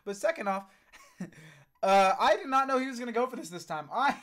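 A man's voice: very high voice, expressive, moderate pace, a bit bright. A man hosting a reaction video, tossing in joking, profane comments. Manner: joking asides, swearing. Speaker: reaction host.

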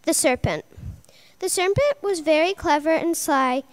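A woman reading a Bible story aloud to children in a lively storytelling way, giving the characters their own voices. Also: very high voice, measured pace.

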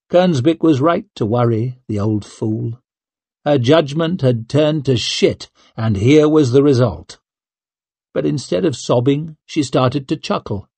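A man reading an audiobook as narrator in a measured, even manner. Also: medium pitch, husky, dry recording. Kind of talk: scripted narration.

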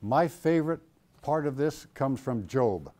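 Animated man preaching to students. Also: unhurried. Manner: animated, acts out quoted voices with big swings in pitch and loudness; jokey, self-mocking storyteller. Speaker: pastor. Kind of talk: teaching a class on Christian doctrine. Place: classroom or church hall with students.

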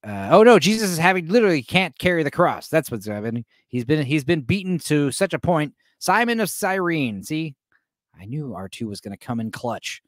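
A man rambles through a relaxed watch-along commentary, trading jokes with his chat and filling gaps with plenty of ums. His pitch swings up and down with lively energy. The sound is dry and close. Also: brisk, no room sound. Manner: joking, rambling, addresses the chat with many fillers. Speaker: host reacting to a film for a live chat.

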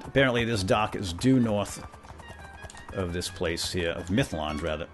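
A man with a low, animated voice speaks at normal speed, role-playing in character as a bumbling, self-important knight. This gamer playfully chatters at his animal companions for comedic effect, with faint music in the background.

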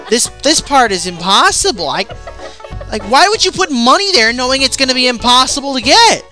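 A young woman streaming a video game, swearing constantly and yelling at the game in frustration. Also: on the high side, big pitch swings, unhurried, faint music behind. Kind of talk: gaming let's play commentary.

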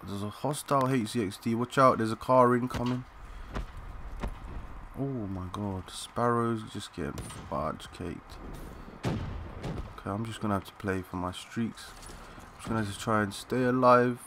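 A young man giving excitable, swearing live commentary while playing a shooter, calling out to teammates in slang. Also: lowish voice, a little slow, long pauses, a little hiss or hum. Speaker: gaming channel host.

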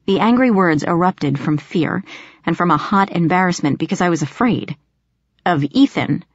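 Female audiobook narrator, first person; lower voice, tense and sharp-edged, close dry recording. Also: expressive, moderate pace, no echo. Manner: tense storytelling, sharp snapping in dialogue. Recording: slightly dull lo-fi audio.

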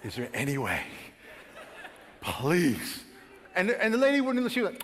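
Animated man preaching in a hall. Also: sits high, normal speed, slight background noise. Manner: animated, acts out his own panicked voice with shouts and laughs. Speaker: pastor. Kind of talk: storytelling sermon. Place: large church auditorium.

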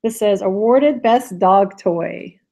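A woman's voice: medium pitch, slow, creaky, warm tone, a little hiss or hum, low-quality recording. A woman chatting casually on a home live stream, giggling and reading viewer comments aloud. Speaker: reseller vlogger. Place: home, in a room with barking dogs.

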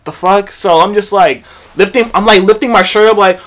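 A man's voice: high voice, a little fast. Profane young man telling a storytime. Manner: profane, animated retelling with acted-out quotes. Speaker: vlogger. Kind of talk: storytime vlog.

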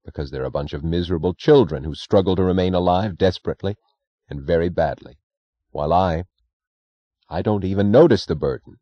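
A man's voice: low-pitched, fairly quick. A man voicing a hard, terse male industrialist who speaks in a clipped, contemptuous way, in an audiobook reading. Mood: curt. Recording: dry, dull lo-fi recording.

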